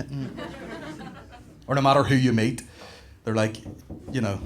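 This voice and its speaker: A man's voice: on the low side, normal speed. A man in his thirties with a Northern Irish accent, doing a stand-up comedy set on a comedy club stage and telling stories with plenty of swearing. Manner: swearing, animated storytelling.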